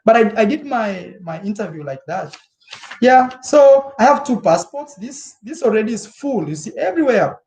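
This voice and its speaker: A young man from Kenya chatting casually and live with his viewers, animated and repetitive, laughing often. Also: high-pitched, normal speed. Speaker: travel vlogger.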